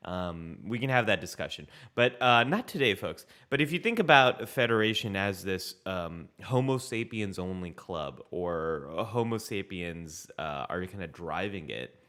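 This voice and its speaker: A man's voice: sits low, lively intonation, normal speed, few pauses, pushed and bright. A man co-hosting a casual live-stream chat, upbeat and rambling, laughing often and reading out viewer comments. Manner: reads viewer comments aloud. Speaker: co-host.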